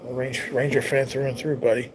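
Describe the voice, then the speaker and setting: A man's voice: medium pitch, level tone, brisk, background noise. Easygoing man with a stuffy nose. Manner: rambling, easygoing, reads chat comments aloud. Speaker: livestream host. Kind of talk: casual livestream chat with viewers.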